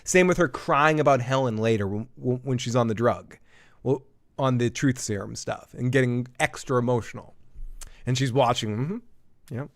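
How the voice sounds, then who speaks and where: A man's voice: medium pitch, moderate pace. A man hosting a live TV episode review, chatty and rambling, swearing freely and laughing often. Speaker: host of a TV review show.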